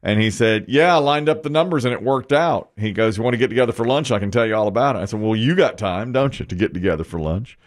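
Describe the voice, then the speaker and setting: A man's voice: medium pitch, fast talker, few pauses, dry recording, clean studio sound. A middle-aged man hosting a radio morning show, telling a casual story and acting out each line of quoted dialogue.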